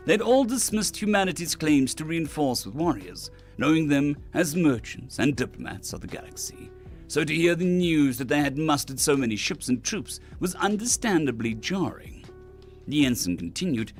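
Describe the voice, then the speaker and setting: Animated man reading a sci-fi story. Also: mid-range voice, moderate pace, faint music behind. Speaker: narrator, streamer. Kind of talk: reading sci-fi stories aloud.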